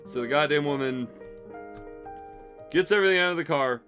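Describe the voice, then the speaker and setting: A man's voice: fairly high pitch, normal speed, fairly bright tone, soft background music. A young man telling a rambling, profanity-laced story about a bad job, exasperated and wry. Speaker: streamer telling stories. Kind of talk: casual storytelling.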